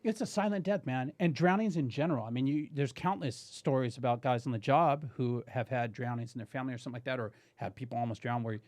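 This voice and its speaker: A man guest on a podcast, telling a story in a casual, animated way, swearing and saying "dude" often. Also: mid-range voice, fast, few pauses, no echo.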